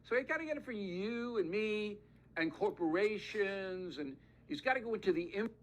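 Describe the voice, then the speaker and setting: Male news commentator, high lively delivery, blunt and folksy, drawn-out emphasis. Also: a little hiss or hum. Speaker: political commentator in played clip.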